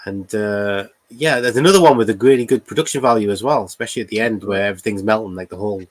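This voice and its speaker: A man co-hosting a casual livestream, relaxed and agreeable, muttering as he works his computer. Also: lowish voice, fast talker, no echo. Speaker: co-host.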